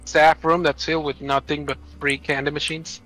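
A young man co-hosting a game stream, rambling with halting restarts in a jokingly dramatic manner. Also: on the high side, flat delivery, pushed and bright, faint music behind, poor audio. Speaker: co-host boyfriend. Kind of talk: casual gaming chat.

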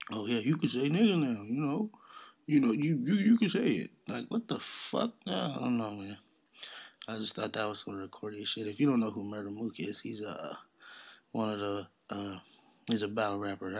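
A man with a low, gravelly voice hosts his own podcast solo. He rants in a blunt, profane, heated way and mocks other people in exaggerated voices. His delivery stays casual and unscripted. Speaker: podcast host.

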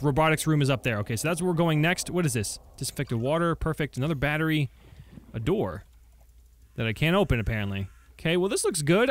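A young man commenting on a game he is playing, his voice sitting a bit high and swinging widely as he reacts. He gets loud and swears when something surprises him, then settles back into chatter. Faint game noise runs under his talk. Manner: excitable, bursts into shouts of surprise, swears freely. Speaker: let's play host. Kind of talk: gameplay commentary.

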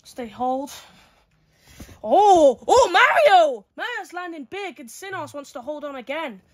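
A woman giving excitable play-by-play fight commentary, full of exclamations and counts. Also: high voice, moderate pace.

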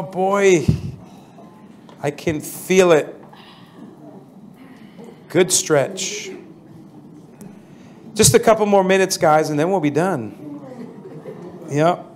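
A man leading a prayer seminar as pastor, energetic and constantly asking the audience questions, with an American accent. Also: sits high, drawn-out words, long pauses, a little hiss or hum. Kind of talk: interactive seminar teaching.

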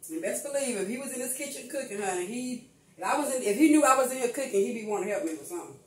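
A woman's voice: fairly high pitch, expressive, racing, darkish tone. Older lady cooking in her kitchen, talks to y'all all easy and chatty, roomy sound from a ways off the mic. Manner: chatty, addresses viewers as y'all. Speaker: cooking vlogger. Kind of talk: casual home cooking vlog. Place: home kitchen. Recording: echoey room, mic at a distance.

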